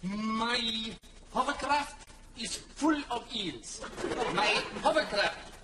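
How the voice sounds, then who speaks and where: A baffled tourist with a stilted phrasebook voice. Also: male voice, very high voice, expressive, recorded from a distance, noisy background, full character voice. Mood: earnest, halting. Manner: halting, earnest, stilted phrasebook delivery. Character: bewildered foreign male tourist reading wrong phrases from a phrasebook. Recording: comedy clip played in a hall, heard from afar with loud audience laughter.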